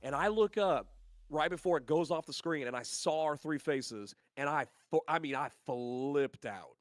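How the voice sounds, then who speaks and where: Young male co-host, congested sinuses, excitable storyteller, casual chat. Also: a little high, moderate pace, no room sound. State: stuffy sinuses. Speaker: podcast co-host.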